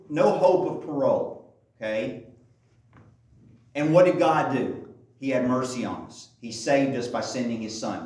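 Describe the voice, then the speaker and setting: Echoey preacher man, slightly high voice. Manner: conversational, rhetorical questions. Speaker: pastor. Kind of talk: sermon. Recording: very echoey, distant mic.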